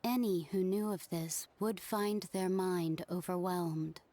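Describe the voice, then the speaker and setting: A woman voicing an unseen, mysterious woman in a video game, speaking slowly and solemnly, partly in a whisper. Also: on the low side, fairly even intonation, warm tone. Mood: cryptic.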